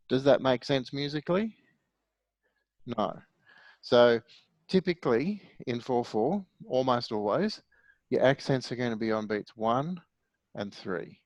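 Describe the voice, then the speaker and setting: A man's voice: medium pitch, animated, measured pace, pauses often, dry recording, muffled recording. A middle-aged man teaching music theory in a patient, explanatory way, often putting questions to his class. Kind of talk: online music theory lesson.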